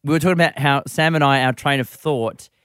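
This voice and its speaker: A man's voice: fairly high pitch, a little fast, clear, resonant tone, no room sound, studio quality. A man hosting a radio show, telling rambling stories in casual chat. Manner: animated rambling storyteller. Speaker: radio host.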